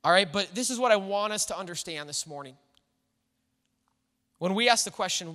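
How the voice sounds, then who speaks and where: A man's voice: high-pitched, expressive, normal speed, long pauses, pushed and bright. A man pastor preaching a sermon in a church, talking in a conversational way and thinking aloud with the congregation. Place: church sanctuary. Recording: long reverb of a church hall.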